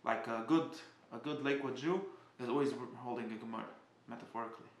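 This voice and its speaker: A man giving a casual spoken class, halting and often restarting as he searches for words. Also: medium pitch, steady tone, reverberant, a little hiss or hum. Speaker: teacher.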